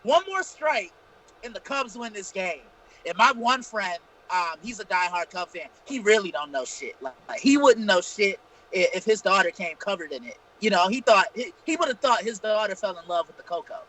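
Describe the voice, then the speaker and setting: A man's voice: sits high, expressive, normal speed, fairly bright tone, rough recording. A man co-hosting a casual live-streamed talk show, telling profane, rambling stories. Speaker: podcast co-host. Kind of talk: casual storytelling chat.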